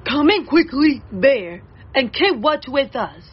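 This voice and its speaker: A woman voicing a calm male deer who firmly invites the others inside in a storybook reading. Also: high-pitched, slow, dull audio. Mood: welcoming. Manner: firm, raised, inviting.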